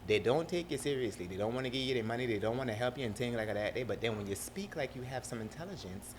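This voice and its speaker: A young man with a South Carolina accent, a producer talking as an interview guest in a lively, laughing way. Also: medium pitch, quick pace, slight background noise. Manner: animated, laughing storyteller. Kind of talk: casual interview talk.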